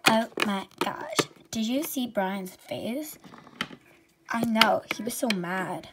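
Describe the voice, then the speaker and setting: Woman for a toy pet skit: plays every pet herself, slow and unhurried, squeaky voices swapped with hushed whispers, noisy home recording. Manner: jumps between squeaky high character voices and hushed whispers. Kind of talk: toy pet role-play, voicing every character.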